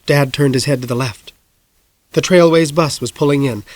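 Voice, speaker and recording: A man narrating an audiobook in a hushed, suspenseful manner. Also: medium pitch, normal speed. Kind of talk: scripted narration.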